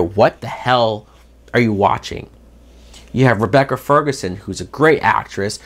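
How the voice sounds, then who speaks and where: A man reviewing movies in an exasperated, emphatic rant, repeating himself for stress and swinging between loud outbursts and muttered asides. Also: medium pitch.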